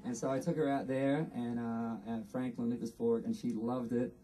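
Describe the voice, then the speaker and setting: Australian man, mellow tone, heartfelt acceptance speech, mic a bit distant with faint outdoor ambience. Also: mid-range voice, level tone, a little hiss or hum. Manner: earnest, unhurried, with frequent pauses. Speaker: award inductee. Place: outdoor ceremony.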